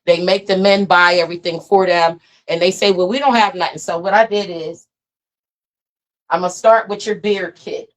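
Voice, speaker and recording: Woman, fairly low voice, enthusiastic, folksy, casual product demo. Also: fairly even intonation. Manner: enthusiastic, folksy, with drawn-out oohs. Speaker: product seller demonstrating her own line.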